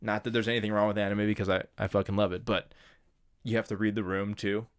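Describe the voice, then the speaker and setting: A man's voice: lowish voice, level tone, fast talker, smooth. A man co-hosting a podcast in casual chat, telling stories loosely and laughing often. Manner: laid-back storyteller, laughs often, loose filler-heavy phrasing. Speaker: podcast co-host.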